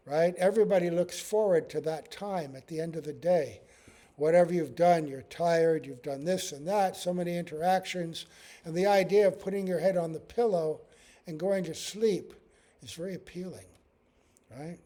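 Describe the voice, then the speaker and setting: A man's voice: a little high, normal speed, dark tone. A man teaching a scripture class, telling stories with acted-out quotes and often asking "right?". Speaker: spiritual teacher.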